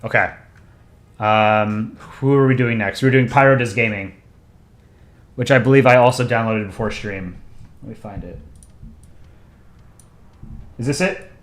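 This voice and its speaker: A man's voice: fairly low pitch, measured pace, long pauses, echoey room. Laid-back man chatting on a livestream. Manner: relaxed, chatty, thinks aloud. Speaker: streamer and comic artist. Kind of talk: casual livestream chat.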